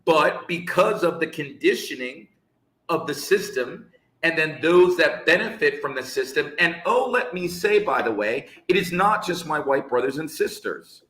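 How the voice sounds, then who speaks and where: Emphatic man, echoey bright voice. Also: fairly high pitch, lively intonation, moderate pace. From United States. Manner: emphatic, preachy, rhetorical questions. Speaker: English teacher, co-host. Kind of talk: live conversational discussion.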